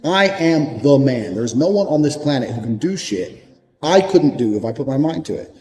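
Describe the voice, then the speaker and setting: A man's voice: mid-range voice, lively intonation, moderate pace, darkish tone, rough recording. A man giving a blunt, profane motivational monologue, hammering points home through repetition. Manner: repeats points for emphasis. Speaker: motivational speaker.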